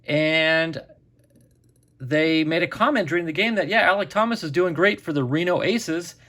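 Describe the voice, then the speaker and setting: A man's voice: fairly high pitch, moderate pace, a bit bright. A middle-aged man casually telling a story to camera as the host of a card collecting channel, chatty and acting out quotes.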